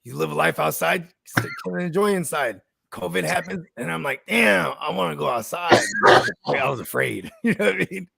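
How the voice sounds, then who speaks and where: A man's voice: on the high side, animated, normal speed, creaky, sharp tone, a little hiss or hum. A man co-hosting a podcast, talking in a loose, profane, slangy way. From California. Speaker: podcast co-host. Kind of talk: casual chat.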